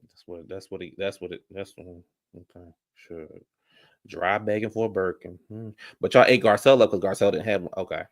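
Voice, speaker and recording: A man giving a sassy, animated casual recap of a reality TV episode, laughing often. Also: low voice, a little fast. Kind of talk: casual reaction commentary.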